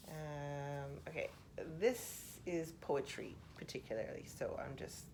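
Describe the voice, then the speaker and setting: A woman speaking softly for ASMR, musing aloud with pauses and half-whispered asides. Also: deep voice, a little hiss or hum. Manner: reflective, thinking aloud with pauses. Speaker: host. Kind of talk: soft-spoken ASMR poetry analysis.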